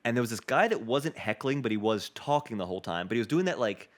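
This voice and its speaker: A man's voice: mid-range voice, lively intonation, fast. A young man telling a story in a podcast interview, acting out the people he quotes. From Boston. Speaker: comedian guest.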